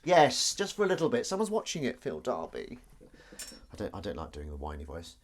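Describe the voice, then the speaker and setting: A man's voice: on the low side, huge pitch swings, brisk. A man, hosting a casual live stream from his home kitchen. He talks in a rambling, self-deprecating way, addressing his viewers and his cat while he washes up. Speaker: livestream host.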